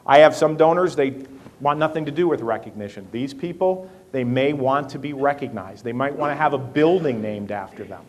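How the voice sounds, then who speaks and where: A middle-aged man giving a workshop talk, telling stories in a lively way and talking fast with sudden slow stretches. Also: mid-range voice. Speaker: workshop speaker. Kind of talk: workshop talk on personality types.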